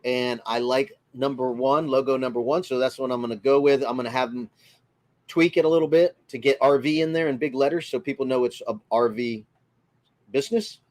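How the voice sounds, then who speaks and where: Guy doing a chill livestream from his rv, friendly, says hi to everyone by name, middle pitch. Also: steady tone, fairly quick, darkish tone. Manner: friendly, chatty, greets viewers by name. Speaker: livestream host. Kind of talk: casual livestream chat reading comments.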